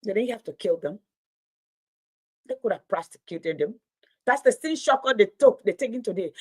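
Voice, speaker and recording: A woman's voice: a little high, expressive, normal speed. A middle-aged woman giving impassioned political commentary, indignant and emphatic, repeating phrases for stress.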